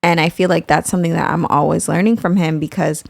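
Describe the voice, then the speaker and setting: A young woman with a lowish, gravelly voice, recorded close and dry. She speaks candidly and warmly appreciative of her partner in casual podcast talk. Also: steady tone, fast, no echo. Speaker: podcast co-host, mother. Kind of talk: casual conversation.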